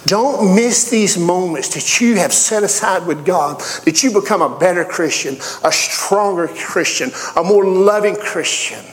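A man with a Southern accent preaching a sermon in a folksy way, telling personal stories and swinging from quiet talk up to high, excited lines. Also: measured pace, few pauses. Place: church. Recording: long reverb of a large hall.

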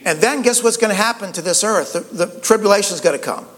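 A man's voice: sits high, fast, fairly bright tone, in a large hall. A pastor preaching a conversational sermon, often repeating words and saying "you know" as he goes.

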